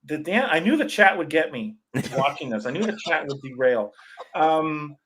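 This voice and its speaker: Guy on a podcast, kinda high voice, rambly and animated, bare room at home. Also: moderate pace, a little hiss or hum. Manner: rambling, animated, laughs often. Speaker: podcast guest. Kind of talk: casual sports chat. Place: sparse room in a new house.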